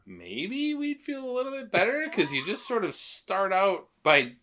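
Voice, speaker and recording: A man's voice: high voice, huge pitch swings, bright, forceful tone, a little hiss or hum. A man co-hosting a podcast, chatting casually and wryly about a movie. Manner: laid-back, wry, quick agreeing interjections. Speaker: podcast co-host.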